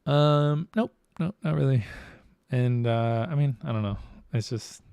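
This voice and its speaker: A man's voice: mid-range voice, a little slow, creaky, darkish tone, clear, resonant tone, no room sound. A man hosting a live podcast, talking candidly and reflectively in casual chat, swearing freely. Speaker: podcast host.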